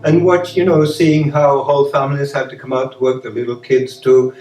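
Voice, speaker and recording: A man's voice: mid-range voice, little pitch movement, fairly quick, darkish tone. An older British man, an activist musician, chatting with an audience between verses and leading a joking sing-along in a live concert. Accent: British English. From Britain. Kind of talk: live concert, talking and singing with guitar. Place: concert hall before an audience. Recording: roomy live recording with guitar, mic at a distance.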